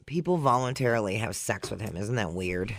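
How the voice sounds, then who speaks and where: A man's voice: fairly low pitch, animated, a little fast, a bit bright, dry recording. A man co-hosting a morning radio show, cracking dry, blunt quips. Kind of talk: casual radio banter.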